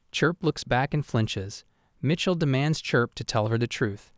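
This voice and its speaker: A man narrating a comic story recap in a steady, even third-person retelling. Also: medium pitch, no room sound, clean studio sound.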